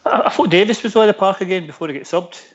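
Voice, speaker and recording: A Scottish man co-hosting a fan radio show, talking haltingly with many stumbles and restarts. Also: sits high, highs cut off. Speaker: co-host. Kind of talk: casual radio chat.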